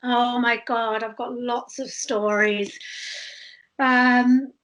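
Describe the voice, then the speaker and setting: Woman, high pitch, animated, laughing, street performer guest telling stories. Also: takes it slowly, lo-fi sound. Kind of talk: casual interview storytelling.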